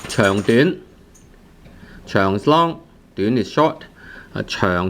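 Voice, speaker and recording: A man's voice: lowish voice, lively intonation, takes it slowly, pauses often. Hesitant male language teacher. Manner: hesitant, many fillers and repeated drilled words. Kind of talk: language lesson.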